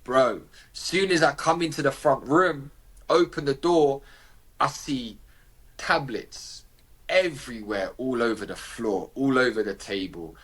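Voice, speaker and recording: A man's voice: medium pitch, expressive, measured pace, fairly bright tone, slightly rough. A man with a British accent, a podcast guest telling a personal story in a vivid, slangy way and acting out the dialogue. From United Kingdom.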